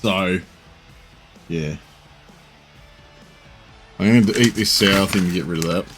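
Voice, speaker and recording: A man, chatting casually and rambling while streaming, swearing now and then and filling pauses with um and uh. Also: sits low, music in the background. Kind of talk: casual live-stream chat.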